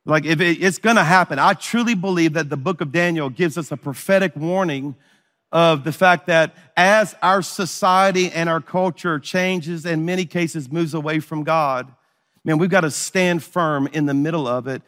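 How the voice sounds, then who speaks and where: A man's voice: on the high side, normal speed, fairly bright tone, big-room sound. A middle-aged man preaching a sermon, telling a story and acting out the dialogue. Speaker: pastor.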